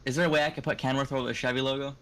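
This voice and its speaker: A young man interviewed after a sim race, relaxed and joking, with plenty of fillers. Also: medium pitch, rapid-fire, clean tone. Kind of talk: casual post-race interview.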